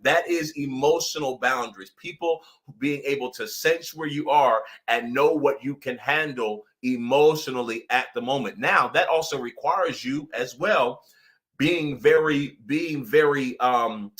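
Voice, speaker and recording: A young man coaching viewers on a live stream, energetic and chatty, laughing often and acting out little dialogues. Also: medium pitch, a little slow. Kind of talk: motivational live-stream talk.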